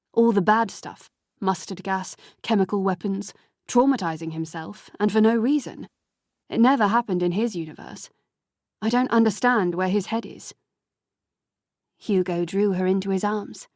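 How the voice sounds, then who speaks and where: A woman reading an audiobook as narrator, in measured, even storytelling. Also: medium pitch, no echo, studio quality. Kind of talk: scripted narration.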